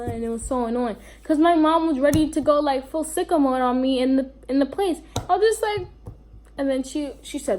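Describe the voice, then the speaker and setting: A woman's voice: high-pitched, fairly quick, warm tone. A young woman with a New York accent telling a rambling storytime vlog, full of fillers and asides. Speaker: vlogger.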